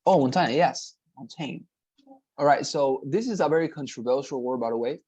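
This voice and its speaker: A man leads an online English lesson, patiently repeating each word and checking understanding. His voice sits at a mid pitch, and the recording is dry and close. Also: a little mellow, slightly rough, no room sound, poor audio. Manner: patient, repetitive, models pronunciations slowly, frequent "right?" checks. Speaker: English teacher.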